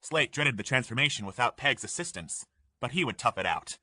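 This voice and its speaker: A man narrating an audiobook in measured storytelling, recorded on a studio microphone. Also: medium pitch, animated, bright, forceful tone, no echo. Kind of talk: scripted narration.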